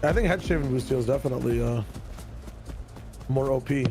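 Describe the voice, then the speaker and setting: A man casually chatting and reacting while co-hosting a gaming stream, blunt and quick with banter. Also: mid-range voice, music in the background. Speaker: stream co-host.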